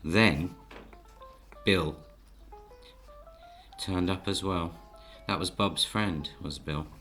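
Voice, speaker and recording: A man gently narrating a children's story while he draws the pictures, and he often talks to the audience. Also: low-pitched, very slow, soft background music. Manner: gentle, coaxing, speaks to the audience.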